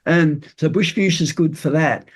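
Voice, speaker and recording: An older man, a podcast guest talking earnestly in a loose, explanatory way, often pausing on fillers and restarting sentences. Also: a little high, breathy edge. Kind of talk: casual interview chat.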